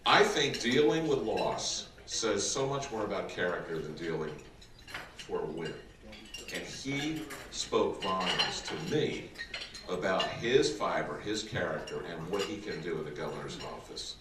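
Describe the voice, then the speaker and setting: A man giving an earnest, slow and emphatic speech endorsing a candidate at a dinner. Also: lowish voice, expressive, pushed and bright, slight background noise. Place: large dinner hall with an audience. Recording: echoey hall, distant mic, clattering dishes.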